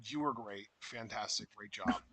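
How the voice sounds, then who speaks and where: A man co-hosting a wrestling podcast, chatting casually with wry, deadpan remarks. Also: lowish voice, low-quality recording. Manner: wry, deadpan, quick to back up his co-host.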